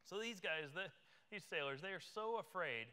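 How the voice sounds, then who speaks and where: Bright, clear-voiced pastor in a reverberant hall. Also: male voice, high-pitched, animated, normal speed. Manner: conversational, vivid retelling that acts out the characters. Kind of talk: sermon. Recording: reverberant church hall live stream.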